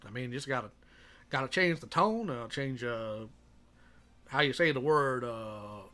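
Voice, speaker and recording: A man's voice: mid-range voice, animated, moderate pace, sharp tone. A man live-streaming his reaction to a video, chatting sarcastically and reading donations aloud.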